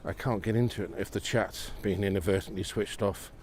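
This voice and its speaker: A man's voice: fairly low pitch, fairly even intonation, a little fast. A man live-streaming a walk outdoors on a snowy, windy night, chatting to viewers and exclaiming at the sights, recorded on a phone mounted on a gimbal. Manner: exclamatory, gently enthusiastic, often asks viewers questions. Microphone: iPhone on a gimbal.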